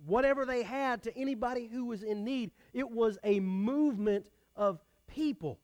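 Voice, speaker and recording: A man preaching a sermon, talking directly with his congregation in a conversational way. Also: high-pitched. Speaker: pastor.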